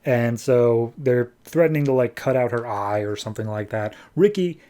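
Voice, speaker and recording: A man's voice: medium pitch, moderate pace, mellow. Chatty man recapping comics. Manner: chatty, filler-heavy storytelling. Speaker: podcast host. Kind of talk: casual comic book recap.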